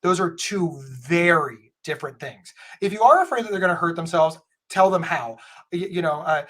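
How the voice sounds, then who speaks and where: A man, a podcast guest, telling a story in an animated way with many stammered restarts. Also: sits high, moderate pace. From United States. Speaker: podcast guest, mental health speaker. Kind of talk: conversational storytelling.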